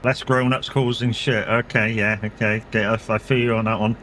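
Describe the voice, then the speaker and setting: A man's voice: fairly low pitch, flat delivery, moderate pace, fairly bright tone, slight background noise. A middle-aged man, chatting casually and rambling as he streams a driving game, swearing and laughing often. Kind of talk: casual chat while gaming.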